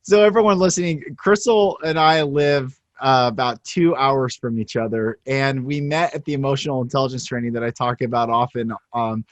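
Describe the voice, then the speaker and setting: A man's voice: medium pitch, moderate pace, few pauses, no echo. A man from Washington State hosting a podcast, upbeat in casual conversation, laughing often and acting out quotes. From Washington State, USA. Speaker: podcast host.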